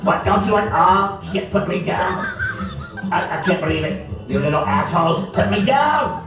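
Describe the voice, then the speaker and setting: A man voicing an angry sunbathing woman who keeps getting mistaken for a whale, shrill and swearing. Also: lively intonation, moderate pace, recorded from a distance. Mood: furious. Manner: shrill, indignant, swearing, laughing through it. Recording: echoey with loud music, off-mic.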